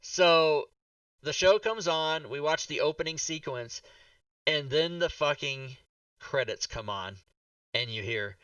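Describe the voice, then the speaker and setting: A man hosting a podcast, telling a rambling, animated story full of swearing and acted-out reactions. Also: fairly high pitch, slow pace, clear, resonant tone, dry recording, distant mic, lo-fi sound. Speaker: podcast host. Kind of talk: casual chat.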